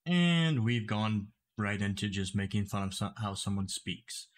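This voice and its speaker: A man making commentary videos who speaks deliberately clearly and explains his points step by step. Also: fairly low pitch, expressive. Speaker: YouTube commentator.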